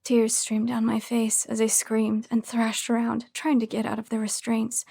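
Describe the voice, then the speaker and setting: Hushed woman narrating horror. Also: fairly high pitch, monotone, moderate pace, creaky, few pauses, slightly rough, dry recording, clean studio sound. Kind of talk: first-person horror story narration.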